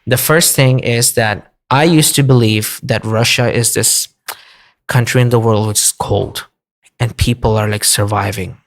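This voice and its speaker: Man telling a travel story flatly. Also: mid-range voice. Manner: flat, unhurried storytelling with fillers. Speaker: podcast guest. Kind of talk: casual storytelling.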